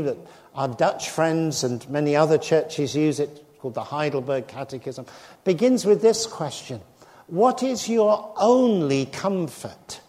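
A man's voice: fairly high pitch, warm tone. An older man preaching a sermon earnestly, acting out the voices in the stories he tells. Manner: earnest, acts out quoted dialogue. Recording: reverberant hall.

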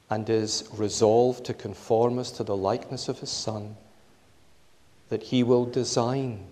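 Man preaching slow and deliberate, big echoey church hall, keeps repeating the key lines. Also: medium pitch, dark tone. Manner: measured, emphatic, repeats key phrases. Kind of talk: sermon.

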